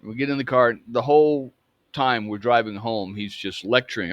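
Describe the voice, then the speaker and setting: A man in his fifties from Atlanta recounts a personal memory to camera. He speaks earnestly and haltingly, often restarting his phrases. His voice sits at a middling pitch, recorded dry and close. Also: no room sound. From Atlanta, Georgia. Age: 50s. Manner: earnest, halting, repeats himself.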